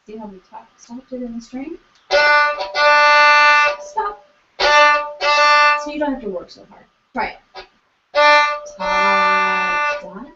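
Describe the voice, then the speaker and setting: Patient female violin teacher, slightly high voice; dull, echoey video-call sound with a violin in the background. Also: expressive, measured pace, long pauses, loud music behind the voice. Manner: patient, encouraging, sings bowing syllables. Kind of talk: online teaching demonstration. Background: violin playing.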